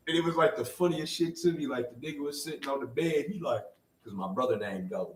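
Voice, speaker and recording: A young man co-hosting a podcast, telling stories in a casual, animated way and loudly acting out the people he quotes. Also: mid-range voice, fast talker, far from the mic. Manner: animated storyteller, acts out quoted voices loudly. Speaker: podcast co-host. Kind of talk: casual storytelling chat. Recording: roomy sound from away from the mic.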